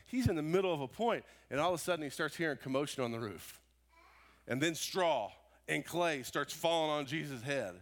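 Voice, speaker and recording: A man preaching a sermon, telling a story with animated voices that swing from loud exclamations to hushed, quiet lines. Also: a little high. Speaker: pastor.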